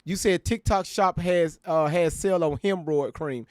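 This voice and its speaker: A man's voice: on the high side, normal speed, darkish tone, no room sound, studio quality. Profane, mocking male commentary host. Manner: profane, mocking, laughs often. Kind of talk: casual reaction commentary.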